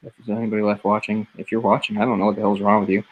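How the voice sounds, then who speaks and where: A man's voice: lowish voice, flat delivery, racing, husky, lo-fi sound. A young man hosting a casual movie commentary, rambling and laughing as he tells stories. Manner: rambling, laughs between words. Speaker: commentary host.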